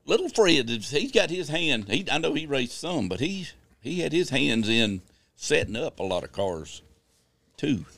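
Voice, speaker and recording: A man's voice: on the high side, sing-song, measured pace, creaky, a bit bright, no room sound. A man co-hosting a podcast in casual chat. He agrees readily and adds short remarks. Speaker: podcast co-host.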